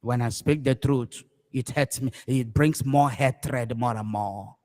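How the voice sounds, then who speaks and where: A Nigerian man preaching fervently on a livestream, repeating phrases emphatically and swinging between loud cries and hushed words. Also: mid-range voice, slow, big-room sound. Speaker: pastor.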